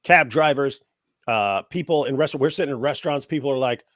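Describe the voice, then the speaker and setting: A man's voice: mid-range voice, fast, a bit bright, no room sound. Guy from the states with a cold, sarcastic mocking chat, dry close sound. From United States. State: has a cold. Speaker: guest. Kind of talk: casual chat.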